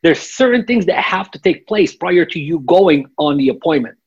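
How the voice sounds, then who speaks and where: A man's voice: on the high side, lively intonation, moderate pace, breathy edge, highs cut off. A man working as a sales coach, explaining techniques step by step in a podcast interview and checking in with "okay?". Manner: instructive, repeats "okay?" to check in.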